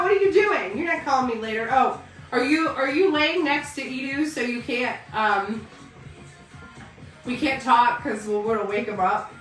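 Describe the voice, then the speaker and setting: A woman hosting a casual live stream selling wigs, bantering loudly and laughing with viewers. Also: sits high, unhurried, far from the mic. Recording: roomy sound from off-mic with faint music.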